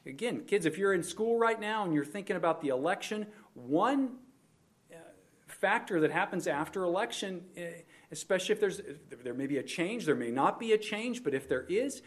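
A man's voice: high voice, lively intonation, moderate pace. A man preaching an expository sermon, explaining a Bible passage verse by verse and leaning hard on emphasis, at times speaking straight to the children listening. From United States. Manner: expository, emphatic on scripture, addresses kids directly. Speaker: pastor.

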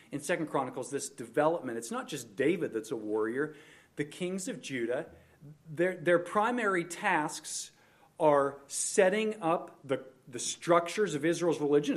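A man with a slightly high voice preaches an expository sermon. He works through a Bible passage verse by verse and stresses key words. At times he turns to speak directly to the kids in the congregation. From United States. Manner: expository, emphatic on scripture, addresses kids directly. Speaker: pastor.

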